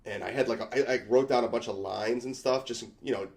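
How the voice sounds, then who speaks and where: A man, a comedian guest on a podcast, racing through a story at a very quick clip. His voice sits at an ordinary middle pitch, and he acts out everyone's lines as he goes. He swears freely. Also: fairly even intonation, darkish tone.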